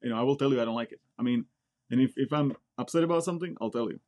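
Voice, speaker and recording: Guy being interviewed, blunt n direct, middle-pitched voice, repeats himself. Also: very fast, a little mellow. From Czech Republic. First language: Czech. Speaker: guest, Air Force member. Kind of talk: casual interview chat.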